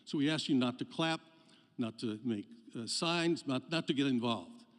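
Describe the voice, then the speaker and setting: A man's voice: medium pitch, normal speed. A man giving a live address to a hall audience before a debate, speaking loosely with many fillers and restarts. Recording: long hall reverb.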